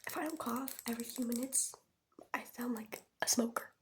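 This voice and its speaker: A teenage girl who is sick with a sore throat, rambling through a casual story in a soft ASMR whisper. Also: fairly high pitch, steady tone, fairly quick, background noise. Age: teens. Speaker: ASMR creator. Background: keyboard tapping.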